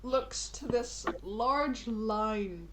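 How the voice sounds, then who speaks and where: Woman game master, slow chatty narration full of laughs and filler words. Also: a little high, background noise.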